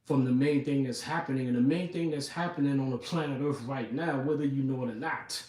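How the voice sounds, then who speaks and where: A man's voice: mid-range voice, a little fast, darkish tone. A man giving an informal sermon, reading scripture and talking it through conversationally with frequent asides to his listeners. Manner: conversational, repeats "you know what I'm saying" and "man". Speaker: preacher. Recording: echoey room, mic at a distance.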